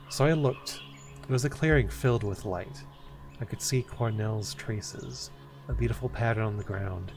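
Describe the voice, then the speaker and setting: Low-voiced man reading a story game. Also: moderate pace, music in the background. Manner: reads story text expressively, with stumbles and asides. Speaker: streamer. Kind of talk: reading a narrative game aloud.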